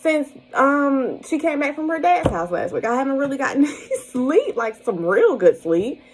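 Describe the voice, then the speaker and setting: Chatty young single mom vlogging. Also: female voice, high voice, very animated, normal speed, a little hiss or hum, rough recording. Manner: chatty, laughs often while telling; speaks directly and reassuringly to viewers. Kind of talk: casual storytelling to camera.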